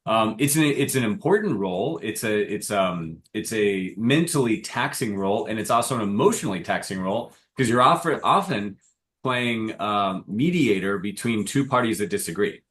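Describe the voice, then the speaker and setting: A man's voice: fairly low pitch, animated, moderate pace, a bit bright. A man hosting a business podcast, talking casually and using plenty of filler phrases as he chats with his guest. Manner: casual, uses fillers like "you know". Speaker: podcast host. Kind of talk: conversational interview.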